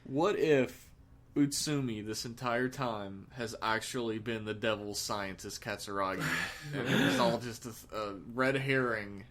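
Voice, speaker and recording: Guy cohosting a podcast, regular pitch, jokey, cusses a lot, laughs a bunch. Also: lively intonation, unhurried, fairly bright tone. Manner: joking, swears freely, laughs often. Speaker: podcast co-host. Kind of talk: casual chat.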